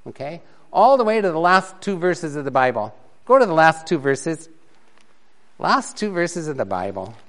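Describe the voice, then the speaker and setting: A man teaching a Bible doctrine class in a relaxed, conversational way, often chuckling. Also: a little high, normal speed. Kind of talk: classroom lecture.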